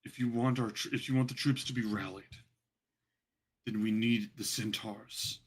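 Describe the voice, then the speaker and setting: A man's voice: lowish voice, fairly even intonation, moderate pace, breathy edge. A man narrating a tabletop game as game master, in a dry, playful way.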